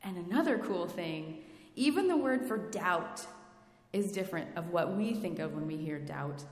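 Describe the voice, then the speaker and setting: A woman's voice: on the low side, expressive, moderate pace. A woman preaching a sermon in a reflective way, asking her listeners questions. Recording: echoey hall with long reverb.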